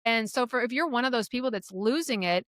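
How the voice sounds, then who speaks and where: A middle-aged woman speaking as a podcast guest, telling her own parenting stories candidly, with blunt language and lively acted-out quotes. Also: on the high side, quick pace, dry recording, clean studio sound. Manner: frank, profane, animated retelling of quotes. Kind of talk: candid conversational storytelling.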